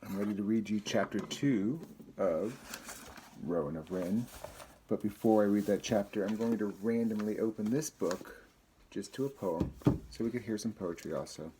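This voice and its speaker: A man's voice: on the low side, moderate pace, warm tone, a little hiss or hum. A man teacher reading a poem and a chapter book aloud to a third-grade class, with friendly, chatty asides.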